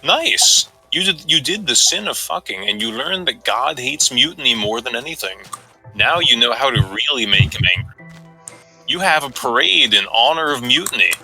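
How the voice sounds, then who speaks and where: A young man reading an absurd story aloud to friends on a voice chat call, mostly deadpan. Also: medium pitch, normal speed, soft background music, poor audio. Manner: deadpan reading, breaks into laughter.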